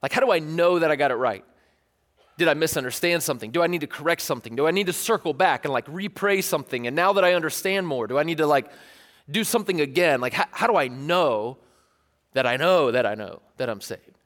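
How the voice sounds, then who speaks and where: A pastor from East Tennessee preaches a loose, joking, conversational sermon and often repeats himself. He talks fast in a fairly high, fairly bright voice with lively intonation, and the church hall adds a long reverb.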